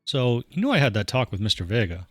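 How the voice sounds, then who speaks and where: Animated man reading a game aloud. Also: mid-range voice, fast talker, no room sound. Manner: animated, jokey, voices the player dad with warmth. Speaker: let's play host.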